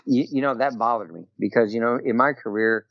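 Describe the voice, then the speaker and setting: A middle-aged military veteran telling a personal story as a podcast guest, talking loosely and peppering it with "you know" and "right?". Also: male voice, mid-range voice, moderate pace, gravelly, fairly bright tone, dry recording. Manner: rambling, full of "you know" and "right?" tags. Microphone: remote call over Skype. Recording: dull, dry call audio.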